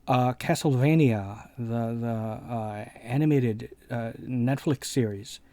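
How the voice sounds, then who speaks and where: Mellow-voiced man rambling through a story. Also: medium pitch, takes it slowly, no room sound. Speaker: let's play channel host. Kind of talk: casual video commentary.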